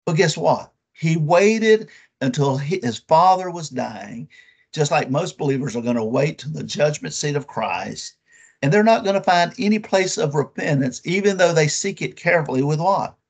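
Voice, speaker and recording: A man preaching a sermon with emphatic, drawn-out phrases and rhetorical questions to his listeners. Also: a little high, lively intonation, breathy edge.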